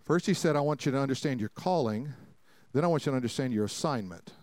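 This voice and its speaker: A pastor preaching a sermon to a congregation, telling stories with jokes and acted-out voices, swinging between loud preaching and quiet asides. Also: male voice, medium pitch, expressive, fast, no room sound. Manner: folksy, jokey storytelling with acted-out quotes. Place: church sanctuary before a congregation.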